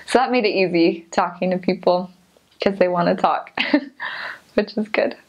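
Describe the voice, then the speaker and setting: A woman's voice: lowish voice, moderate pace. A young woman chatting casually about places she has lived, giggling often and filling her talk with "like". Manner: chatty, giggly, many "like" fillers. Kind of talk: casual storytelling. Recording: slightly dull lo-fi sound.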